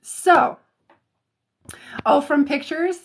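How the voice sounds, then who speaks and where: A high-voiced woman from Colorado hosts a casual live stream, greeting viewers one by one. She talks slowly, laughs often and trips over her words with ums and restarts, speaking into a phone or webcam mic indoors. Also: creaky. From Colorado, United States. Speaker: intuitive reader, live stream host.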